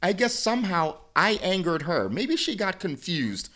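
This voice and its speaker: A man's voice: sits high, normal speed. Guy telling a story, bouncy voice, laughs a lot, keeps restarting. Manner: animated, laughs often, rambling with restarts. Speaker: podcast co-host. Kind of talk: casual chat, storytelling.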